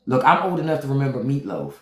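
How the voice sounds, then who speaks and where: A man's voice: medium pitch, big pitch swings, fast talker, a bit bright. Blunt middle-aged man in an echoey room. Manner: blunt, profane, talks straight to chat. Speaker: livestream host. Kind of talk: casual livestream commentary. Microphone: phone.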